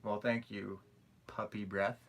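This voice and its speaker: A young man chatting casually on a live stream, reading out viewer questions and answering with loose, rambling replies and quick apologies. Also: on the low side, flat delivery, vocal fry. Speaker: YouTube creator answering live chat questions.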